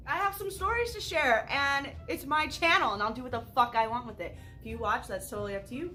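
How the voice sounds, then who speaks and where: A woman's voice: fairly high pitch, pushed and bright. Chatty young woman telling a story. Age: young adult. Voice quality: casual, profane, chatty with many "like"s. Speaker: vlogger. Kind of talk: casual storytime.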